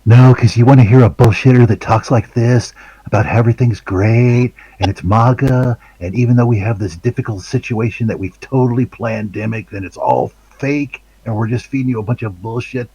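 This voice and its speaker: A boastful male politician brags over and over about how great everything is, as a man puts him on. The voice is pitched higher than the speaker's own and sounds husky. It sits dry and close to the mic. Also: a little fast, mellow, no room sound, rough recording. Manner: boastful, repetitive bragging. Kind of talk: satirical impression in podcast banter.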